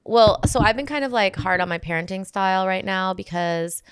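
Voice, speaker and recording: A woman co-hosting a comedic parenting podcast, talking in an animated, rambling way with many restarts. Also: mid-range voice, moderate pace, smooth, dry recording, clean studio sound. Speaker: podcast co-host. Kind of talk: casual comedic chat.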